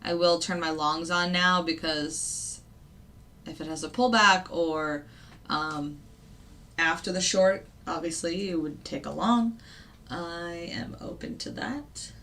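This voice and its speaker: A futures day trader and channel host, a woman with a lowish, somewhat bright voice, offers casual live market commentary at a slow pace. She thinks aloud with fillers and the occasional laugh, and she has hiccups.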